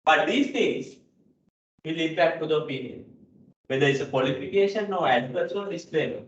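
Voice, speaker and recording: A man's voice: fairly high pitch, animated, moderate pace. A man giving a classroom lecture on accounting, repeating key points and checking in with "right?". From Sri Lanka. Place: lecture hall. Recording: dull, echoey hall audio from a distance.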